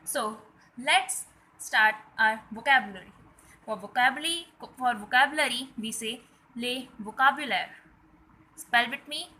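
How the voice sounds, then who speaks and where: A woman teaching French words slowly, repeating each one for viewers to say along. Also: on the high side, bright, forceful tone, rough recording. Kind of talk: French vocabulary lesson.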